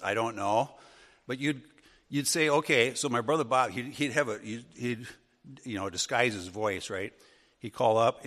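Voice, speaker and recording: A middle-aged man from northern Wisconsin, telling childhood stories in a folksy, animated way as a Sunday school teacher. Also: medium pitch. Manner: folksy, animated, acts out funny voices. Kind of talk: storytelling lesson. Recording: long hall reverb.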